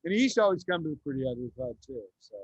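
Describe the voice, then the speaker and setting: A man's voice: on the high side, expressive, rapid-fire, slightly rough, no room sound, highs cut off. A man chatting as a guest musician, telling loose anecdotes full of swearing. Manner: loose, profane storytelling. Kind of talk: casual chat.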